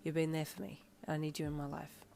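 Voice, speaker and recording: Woman doing a low-voiced cocky boyfriend. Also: little pitch movement, quick pace, a little hiss or hum. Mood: tender. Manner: low, smirking, suggestive. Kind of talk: fan fiction audio reading.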